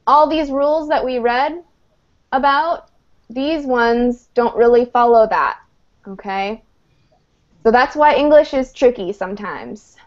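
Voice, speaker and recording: A woman teaching an online English lesson, explaining grammar patiently and checking in with her students. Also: on the high side. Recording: muffled video-call audio.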